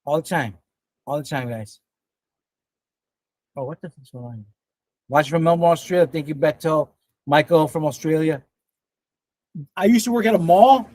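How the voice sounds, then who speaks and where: A man in his fifties hosts a casual livestream, reading and answering the chat in a fairly high, excitable voice and laughing easily. He swears freely, and the audio is close and dry, with no echo.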